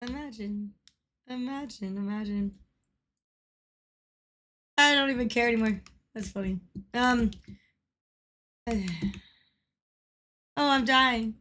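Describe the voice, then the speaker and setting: Female streamer, high and bright, excitable and foul-mouthed, laughs a lot while commentating a live game. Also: takes it slowly, pauses often. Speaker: livestreamer.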